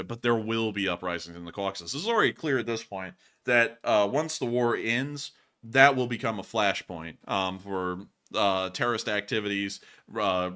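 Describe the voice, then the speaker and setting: Bright-voiced man hosting a live stream. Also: on the low side. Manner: laughs often, loose joking banter. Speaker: host of a war news stream. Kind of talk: casual live-stream chat answering viewer questions.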